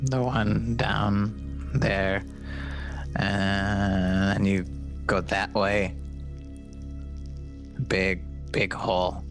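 Brief: man doing a meek little goblin, hesitant, whispery, gravelly and low. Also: level tone, extremely slow, long pauses, soft background music. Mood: shy. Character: small timid male goblin in big hood.

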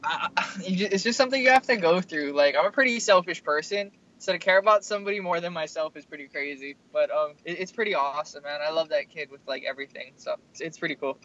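A man's voice: fairly high pitch, fast talker, hardly any pauses, pushed and bright, muffled recording, a little hiss or hum. A young adult man answering interview questions in a laid-back, rambling way, full of "like". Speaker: guest fighter.

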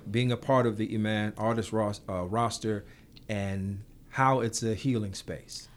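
A man hosts an interview, feeling his way into each question with thoughtful hesitation. His voice is somewhat low and conversational. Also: steady tone, measured pace, slight background noise. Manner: thoughtful, hesitant, many fillers while framing questions.

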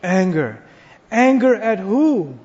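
A man preaching a sermon to a packed mosque audience, animated, asking the crowd questions and acting out quoted lines. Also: high voice, takes it slowly. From United States. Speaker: Islamic scholar and preacher. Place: large mosque hall. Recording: dull, lo-fi live recording in a reverberant hall.

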